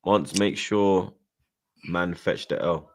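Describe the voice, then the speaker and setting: Low-voiced man, stream host, brash shout-outs, chat-reading patter. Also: steady tone, slow pace. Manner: loud, brash bursts when shouting out viewers. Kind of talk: casual live-stream chat.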